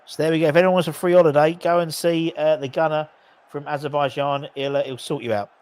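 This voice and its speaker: A man hosts a live football watchalong, casually calling the play while joking and bantering with viewers in the chat. His voice is on the high side, fast, steady in tone and slightly mellow.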